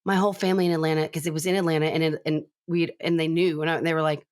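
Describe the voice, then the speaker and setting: A woman's voice: deep voice, level tone, rapid-fire, a little mellow, no room sound, studio quality. A woman co-hosting a podcast in casual chat, rambling and restarting her sentences with lots of "like". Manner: rambling, self-interrupting, lots of "like". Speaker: podcast co-host.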